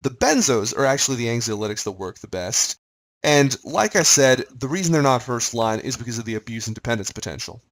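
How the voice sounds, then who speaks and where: A man teaching a recorded pharmacology lesson in a casual, chatty manner. His pitch rises and falls in an animated way as he explains the material and puts quick questions to the listener. His voice sits in a middle register. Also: poor audio. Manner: lively, conversational, quizzes the listener. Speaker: lecturer.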